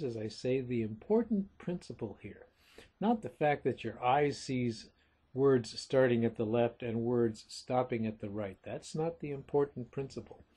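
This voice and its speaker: A man teaching literature in a recorded lecture, explaining things deliberately and calling his listeners folks. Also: mid-range voice, warm tone, husky.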